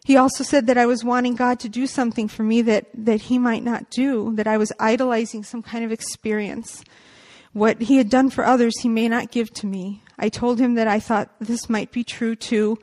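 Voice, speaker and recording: A woman's voice: fairly high pitch, a little mellow. A woman giving a personal faith testimony, earnest and reflective, partly reading aloud and quoting scripture.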